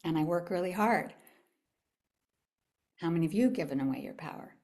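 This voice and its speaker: A woman's voice: on the low side, expressive, brisk, a little mellow. A woman giving a motivational talk at a live event, telling her own story with animation and asking the audience questions. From California. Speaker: summit speaker.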